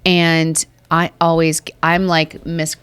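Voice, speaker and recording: A woman's voice: low voice, slow, clean tone, dry recording. A woman co-hosting a podcast, telling stories in a chatty way and acting out quotes. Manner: chatty storyteller, animated quotes. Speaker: podcast co-host. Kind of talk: casual chat. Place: photo studio in a mall.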